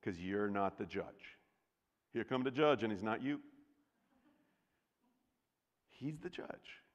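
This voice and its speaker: A man preaching a sermon as pastor, talking casually with the congregation and swinging from loud bursts to hushed, near-whispered lines. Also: fairly low pitch, normal speed, dull audio. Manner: conversational, with restarts and asides to the congregation. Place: church sanctuary. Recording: long reverb of a large church hall.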